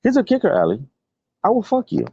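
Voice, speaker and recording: A man's voice: high-pitched, huge pitch swings, quick pace, creaky, mellow, breathy edge, dry recording. Angry profane man ranting on a live stream. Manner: aggressive, profane, confrontational. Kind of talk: heated live-stream rant. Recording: dull lo-fi stream audio.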